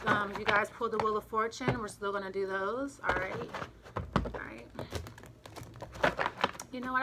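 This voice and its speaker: Breathless woman doing a chatty tarot reading. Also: medium pitch. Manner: rambling, chatty, repeats herself. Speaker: tarot reader. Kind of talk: casual tarot reading to camera. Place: front room of a home by a street. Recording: home recording with clear street noise. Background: street noise, passing cars.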